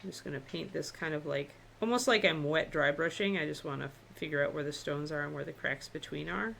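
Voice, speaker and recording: A woman's voice: low-pitched, fairly quick, vocal fry, a little hiss or hum. Woman talking through her painting. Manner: relaxed, chatty, thinking aloud while painting. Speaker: miniature painting instructor. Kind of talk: live-stream painting tutorial.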